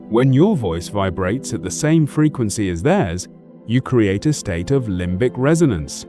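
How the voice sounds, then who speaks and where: A man narrates a self-help audiobook in a measured, authoritative way. His voice is warm and mellow, and his pitch moves freely. Faint music plays behind him.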